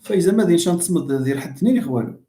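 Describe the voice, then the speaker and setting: A man's voice: fairly high pitch, animated, racing, dark tone, roomy sound, a little hiss or hum. A Moroccan man lecturing on phonetics in a live online class, demonstrating sounds and joking with his students. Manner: switches between English and Moroccan Arabic, jokes with students, demonstrates sounds. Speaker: university lecturer.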